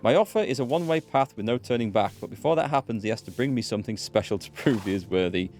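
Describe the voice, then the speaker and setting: A proud, unsmiling lone huntress, as a British man reads her lines in a game speaks in a raised voice that swings lively up and down. The game's soft music plays underneath. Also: medium pitch, fast talker, lightly acted. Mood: stern. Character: stern lone female hunter, proud and unsmiling.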